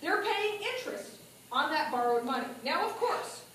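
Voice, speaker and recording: A woman with a very high voice gives a lively speech at a party meeting and keeps asking the audience questions. She is recorded from across an echoey hall, with faint noise underneath. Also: moderate pace. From New Mexico. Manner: animated, asks the audience questions. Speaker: political speaker. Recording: echoey room from a distance.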